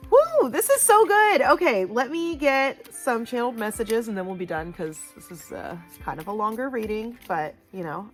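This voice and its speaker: A woman giving a casual pick-a-card tarot reading, chatty and loud, with lots of "like" and "you know". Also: fairly low pitch. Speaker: tarot reader.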